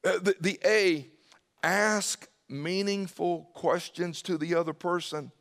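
A man preaching a sermon, animated, swinging from loud emphasis to hushed asides and calling on listeners by name. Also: high voice, takes it slowly. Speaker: pastor.

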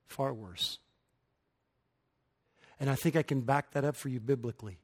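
A middle-aged man preaching a sermon, emphatic and building to forceful peaks. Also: medium pitch, normal speed. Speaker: pastor.

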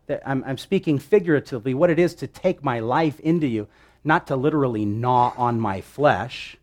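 Man preaching an animated sermon. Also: mid-range voice, normal speed. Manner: animated, teaching with asides and rhetorical questions. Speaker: pastor.

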